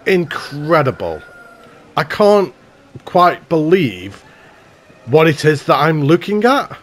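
A man hosting a game channel, giving excited, gushing commentary with self-mocking asides. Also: fairly high pitch.

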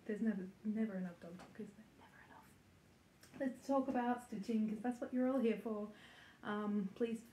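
Talking to the camera from her home stitching room, this flosstube host runs a casual cross-stitch vlog in a voice of medium pitch with a bit of mellowness. Her chat is giggly and peppered with ums and likes, recorded in an echoey space with faint background noise.

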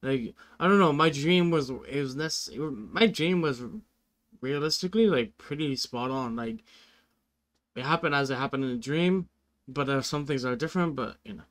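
A man's voice: a little high, animated, moderate pace, fairly bright tone. A man hosting a music reaction video, chatting casually and earnestly, rambling with lots of "like" and "you know".

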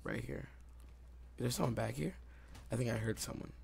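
A young man giving excitable live commentary over his own video game play, recorded on a desktop microphone at home. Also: mid-range voice, moderate pace, creaky, a little hiss or hum. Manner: excitable, reacts aloud to the game. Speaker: gaming YouTuber. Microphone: desktop USB mic.

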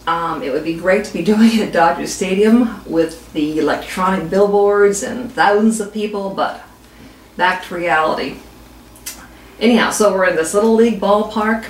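Woman pitching an ad, echoey room. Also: normal speed, recorded from a distance, a little hiss or hum. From West Virginia, USA. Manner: storytelling, with fillers. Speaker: pitching an ad idea. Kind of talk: casual spoken pitch.

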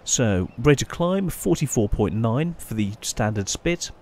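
A man hosts a gameplay video in a casual, rambling way, full of fillers and restarts. His voice sits at an ordinary middle pitch, with faint background noise under it. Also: expressive, darkish tone. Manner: chatty, halting, many restarts and fillers. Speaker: gaming channel host.

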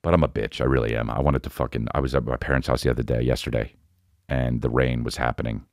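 A man's voice: extremely low pitch, flat delivery, fast talker, darkish tone, no echo, clean studio sound. A man in his forties, a comedian hosting his podcast in a casual, rambling, profane and self-mocking monologue. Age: 40s. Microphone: studio podcast mic.

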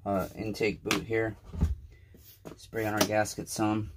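A man's voice: fairly low pitch, monotone, a little slow, background noise. A tired, frustrated man working as a small-engine repairman who mutters and swears while he works in a casual workshop vlog. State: tired and overwhelmed.

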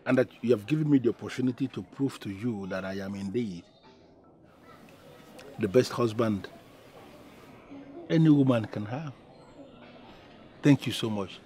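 An actor with a Nigerian accent playing an earnest, doting young husband in a film, speaking in a halting way. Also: male voice, medium pitch, dark tone, close to an everyday voice. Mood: affectionate. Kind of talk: Nollywood film acting.

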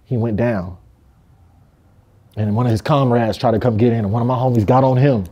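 A man's voice: medium pitch, a little fast, dark tone, breathy edge. A man from Compton speaking in a candid interview, emphatic and full of street slang and profanity. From Compton, California.

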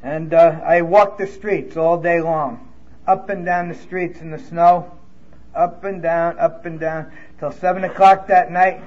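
A recovery speaker from New York, with the accent to match, talks through his story at a conference in a candid, emotional way, not shy about blunt swearing. His fairly high voice is steady, a little mellow, and measured in pace. The conference hall recording is muffled.

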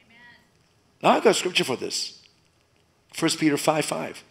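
Pastor preaching with swings of loudness. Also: male voice, fairly high pitch, moderate pace, vocal fry. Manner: animated preaching, rising loud and dropping to soft. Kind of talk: sermon.

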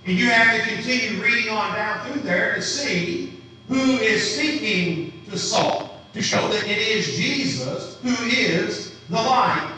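A man's voice: sits high, slow pace, pushed and bright, a little hiss or hum. A man preaching a sermon who asks his congregation questions as he teaches. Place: church sanctuary. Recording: roomy, distant church recording.

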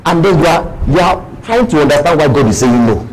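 A pastor with a Nigerian English accent, preaching a sermon in church, with playful asides and acted-out quoted voices. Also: male voice, a little high, expressive, fairly quick, few pauses, poor audio.

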